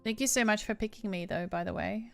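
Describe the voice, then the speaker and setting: A woman streamer talking casually with her viewers at a streaming microphone. Her voice is smooth and sits in a middle pitch. She chats in quick, friendly asides over faint background music. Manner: chatty, appreciative asides. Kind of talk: casual chat while reading a game aloud.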